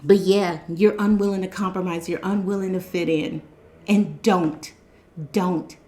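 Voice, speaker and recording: A woman's voice: on the low side, steady tone, measured pace, a little mellow. Emphatic woman in her fifties, echoey room. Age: 50s. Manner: repetitive, emphatic, exhorting. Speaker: spiritual channel host. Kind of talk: casual motivational talk to viewers.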